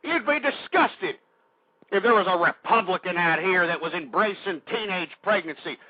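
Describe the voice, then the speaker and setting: A man's voice: high voice, lively intonation, moderate pace, heavy background noise. Ranting male talk radio host. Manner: angry, insulting, addresses listeners as folks. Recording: dry, muffled internet radio stream.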